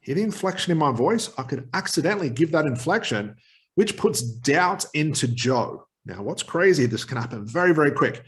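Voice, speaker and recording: A man's voice: a little high, animated, moderate pace. A man with a slightly raised voice teaches hypnotherapy practice, talking straight to the viewer. He stresses his points and briefly plays out client exchanges. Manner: emphatic, acts out short quoted exchanges with clients. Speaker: hypnotherapy trainer. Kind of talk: direct-to-camera teaching talk.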